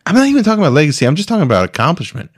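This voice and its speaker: A man's voice: fairly high pitch, huge pitch swings, very fast. A man hosting a casual comedy podcast, pushy and teasing, swearing freely and laughing often. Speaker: podcast host.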